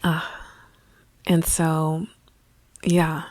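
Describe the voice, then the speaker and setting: A woman spiritual coach musing in a reflective vlog monologue, often dropping to a soft half-whisper. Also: sits low, monotone, extremely slow, dry recording.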